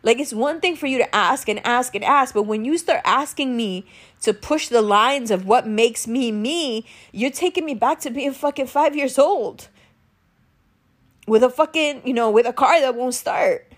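A woman's voice: on the high side, moderate pace. A young woman hosting a show, giving a raw, profane, emotional monologue. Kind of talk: candid monologue.

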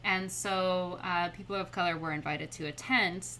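A young adult woman speaking as a podcast guest in casual conversation, chatty and quick to laugh. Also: lowish voice, steady tone, bright, forceful tone, a little hiss or hum.

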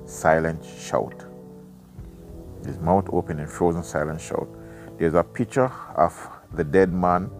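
A man, reading a book aloud and breaking off into rambling, chatty asides as a podcast host. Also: low voice. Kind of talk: casual reading with side commentary.

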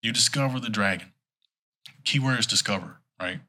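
Husky-voiced man telling a rambling story. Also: on the low side, moderate pace, bright, forceful tone. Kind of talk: casual chat.

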